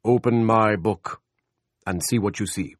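A man voicing God in an audiobook, loud, slow and solemn, with old-fashioned speech. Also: lowish voice, no echo, clean studio sound, pitched above the performer's own voice. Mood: booming. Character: booming scolding male voice of God. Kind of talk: audiobook character voice.

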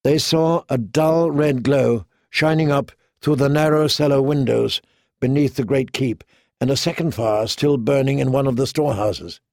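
A man narrating a fantasy novel in a measured storytelling manner. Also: mid-range voice, vocal fry, a little mellow, dry recording, studio quality. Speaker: audiobook narrator.

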